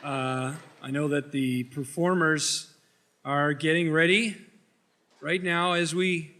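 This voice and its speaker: A man on stage reading out show rules in a mock-formal, halting comedy bit. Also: fairly high pitch, fairly even intonation, pushed and bright. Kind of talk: stand-up comedy. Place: comedy club stage before a laughing crowd. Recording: live club recording with noisy crowd.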